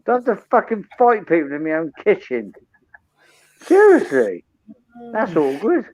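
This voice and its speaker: A British man, a tipsy, sweary live stream co-host, talking loud and ranting in a boozy late-night chat. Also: sits high, huge pitch swings, a little slow, dry recording, rough recording.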